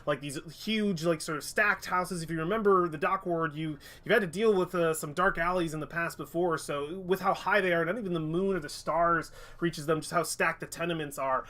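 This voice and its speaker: A man's voice: on the high side, brisk, hardly any pauses, a bit bright. A man narrating as game master of a tabletop game, describing scenes with frequent fillers. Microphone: headset or desk mic on a stream.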